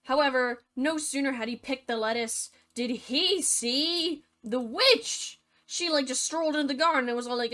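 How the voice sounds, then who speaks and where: A woman's voice: high voice, moderate pace, few pauses, bright, forceful tone. A young woman retelling a fairy tale as a comedy, chatty and full of sarcastic asides. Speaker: storyteller.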